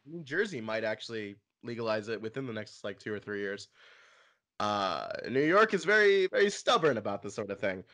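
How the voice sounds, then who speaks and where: A man's voice: on the low side, big pitch swings, fairly quick, fairly bright tone. A young man co-hosting a casual podcast-style chat, laughing often and swearing casually. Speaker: channel co-host.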